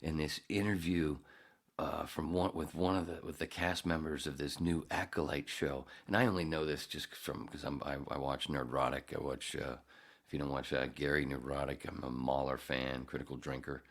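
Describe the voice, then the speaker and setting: A man's voice: extremely low pitch, flat delivery, normal speed. A man hosting a podcast, rambling and ranting with heavy profanity in a casual monologue. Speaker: podcast host.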